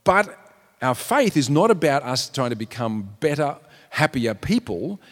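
A man's voice: mid-range voice, big pitch swings, measured pace. A man preaching a sermon in an earnest way, now and then acting out the people in a story. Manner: earnest, acts out quotes in raised voices. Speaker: pastor. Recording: long hall reverb.

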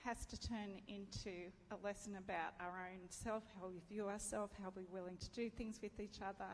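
A woman's voice: medium pitch, fairly even intonation, moderate pace, slight background noise. Woman preaching in a reverberant hall. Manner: candid, self-deprecating, laughs often. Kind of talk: sermon with personal story. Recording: reverberant hall, faint ambience.

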